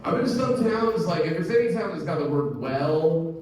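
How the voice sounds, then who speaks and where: A man's voice: fairly high pitch, animated, normal speed, darkish tone, a little hiss or hum. A man in his thirties doing a stand-up set, loose and crude, rambling with lots of fillers. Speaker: stand-up comedian. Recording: echoey comedy club, distant mic.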